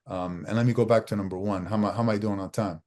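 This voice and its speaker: A middle-aged media trainer teaches a live online masterclass in a fairly low, darkish voice with fairly even intonation and rapid-fire delivery. He is emphatic and coaching, repeating key phrases and frequently restarting his sentences.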